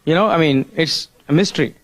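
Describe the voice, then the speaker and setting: A man's voice: on the high side, brisk. A man giving a motivational business seminar talk, prodding the audience with rhetorical questions and "Hello?" while drawing on a board.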